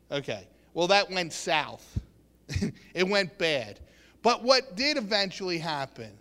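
A man preaches in an earnest, halting way, repeating words and acting out the quotes. His voice sits high and bright. A long hall echo trails behind every phrase. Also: sing-song. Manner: earnest, acts out quotes, many restarts. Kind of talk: sermon.

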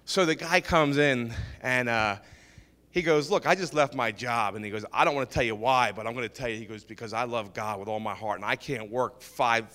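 A man's voice: medium pitch, a little fast, in a large hall. A man sharing a church testimony about his business, telling it informally and acting out what people said, with many repeats and restarts. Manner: lively, acts out dialogue, repeats and restarts. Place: ministry meeting hall.

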